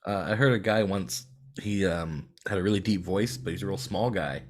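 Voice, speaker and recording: A man chatting as a guest on a podcast in a relaxed way, laughing often and swearing casually. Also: low-pitched, moderate pace. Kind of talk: casual chat.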